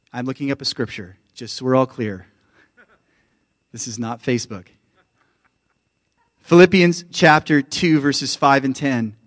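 A man's voice: medium pitch, no room sound, studio quality. A Canadian man preaching a sermon as lead pastor, with an emphatic delivery that keeps calling out to the church.

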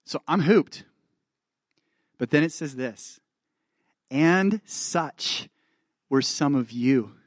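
A man's voice: on the high side, animated, very slow, long pauses, no room sound, clean studio sound. A male pastor preaching a sermon, earnestly checking in with his listeners, reading scripture aloud with rising fervor and dropping into self-deprecating asides.

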